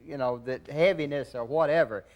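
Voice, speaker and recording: A man reminiscing in an interview, in a relaxed drawl that breaks into laughter at the punchlines. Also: a little high, a little fast. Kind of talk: reminiscing anecdote.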